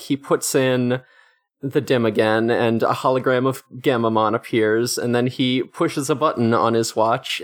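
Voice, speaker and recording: A man co-hosting a casual podcast chat, laid-back, retelling scenes by quoting the characters. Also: medium pitch. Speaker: podcast co-host. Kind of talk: casual chat recapping an episode.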